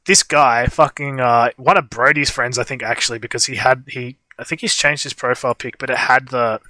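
Bright-voiced young man rambling. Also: medium pitch, steady tone, brisk, no echo. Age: young adult. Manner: rambling storytelling with frequent fillers. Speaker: livestream co-host. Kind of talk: casual chat.

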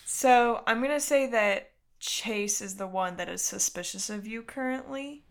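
A woman working as game master for a tabletop game, calling for dice rolls in a quick, stop-start way. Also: mid-range voice, creaky.

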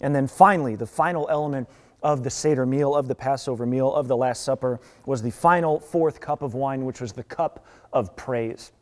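A man's voice: medium pitch, moderate pace. Earnest male pastor in a reverberant hall. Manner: earnest, emphatic with restarts. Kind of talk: sermon. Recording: long reverb.

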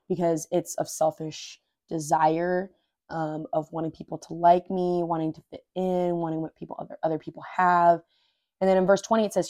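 A woman with a soft, mellow voice hosts a casual devotional podcast. She reads verses aloud, repeats them, and reflects on them in earnest, everyday language. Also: fairly low pitch, steady tone, moderate pace, dry recording, studio quality. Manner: earnest and informal, says "dude" and "like"; openly moved and emotional. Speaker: podcast host.

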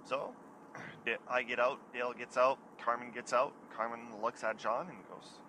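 A chatty man hosts his own show and spins a casual yarn about his own misadventures. His voice is bright and forward, and a faint hiss sits under it. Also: medium pitch, steady tone, normal speed, poor audio. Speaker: podcast host. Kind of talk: casual storytelling.

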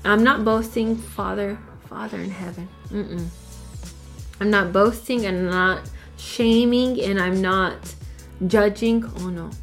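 A woman's voice: medium pitch, steady tone, takes it slowly, fairly bright tone, soft background music. A woman from El Paso, Texas, teaching a Torah portion in an emphatic, preachy way, often asking rhetorical questions. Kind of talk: emphatic religious lesson.

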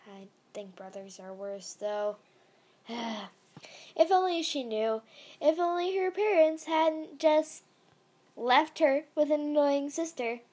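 A woman reading a fan story aloud in a meandering way, with casual asides and fillers. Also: fairly high pitch. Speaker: fan fiction reader.

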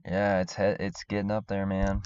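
Low-voiced joking podcast guy, lo-fi. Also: completely flat delivery, moderate pace, darkish tone, clear, resonant tone, no room sound. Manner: laid-back, joking, tries silly accents. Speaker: podcast co-host. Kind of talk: casual chat.

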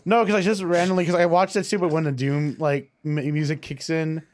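A man's voice: on the high side, little pitch movement, brisk. A man co-hosting a casual beer-tasting chat, trading crude jokes and banter. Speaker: podcast co-host. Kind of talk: casual chat over beers.

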